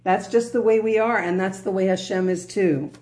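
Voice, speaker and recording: A woman teaching a religious class in a medium-pitched, conversational voice. She breaks in with humorous asides and often checks in with her listeners. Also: fairly even intonation, normal speed, a little mellow. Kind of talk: religious lecture.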